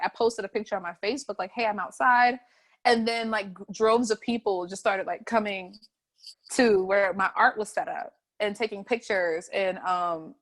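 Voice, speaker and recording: A young woman, telling her story in an oral history interview, animated and often laughing, her voice catching with emotion. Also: medium pitch. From North Carolina, USA. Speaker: interviewee, street artist.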